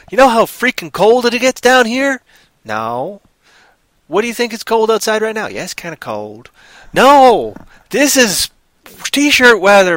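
A man voicing a gruff, hostile rural male farmer in an improvised livestream story, blunt and threatening. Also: sits high, fairly bright tone, dry recording, pitched above the performer's own voice, exaggerated voice.

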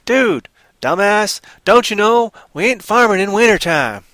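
A man voicing a gruff, hostile rural male farmer in an improvised livestream story, blunt and threatening. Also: high voice, lively intonation, a little slow, fairly bright tone, dry recording, pitched above the performer's own voice. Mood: scornful.

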